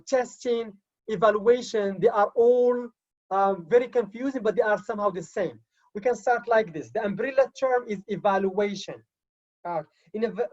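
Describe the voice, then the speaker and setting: A woman at a middle pitch teaches an online class as a teacher trainer. She repeats key terms and keeps checking in with okay. The audio is slightly dull and lo-fi. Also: darkish tone. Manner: repeats key words, checks in with frequent okays.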